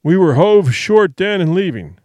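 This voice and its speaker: Man doing a drunken sea captain, hoarse, snarling, resentful, loud, animated. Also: high-pitched, measured pace, no room sound. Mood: bitter, accusing. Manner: snarling, accusing. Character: hostile drunken male ship captain, resentful.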